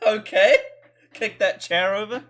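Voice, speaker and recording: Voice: mid-range voice, fairly bright tone. A host giving casual, rambling reaction commentary, stammering and laughing often between thoughts. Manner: swears casually.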